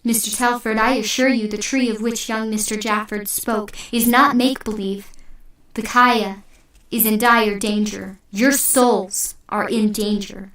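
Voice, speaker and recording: Woman doing a stern old priest, preachy and forceful, roomy echo, mic far off. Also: a little high, fairly even intonation, a little slow. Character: stern older male priest rallying townsfolk. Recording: echoey room, distant mic.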